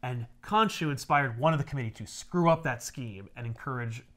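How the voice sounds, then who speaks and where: Animated man retelling a comic plot. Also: medium pitch, fairly quick. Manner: excited retelling, acts out lines. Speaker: comic book podcast host. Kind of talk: casual chat.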